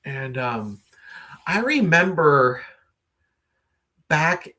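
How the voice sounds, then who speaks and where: A man's voice: fairly high pitch, very animated, very slow, bright, forceful tone. A man hosting a casual late-night live stream, musing at length with many fillers and reading out viewer comments. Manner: reads viewer comments aloud and greets viewers.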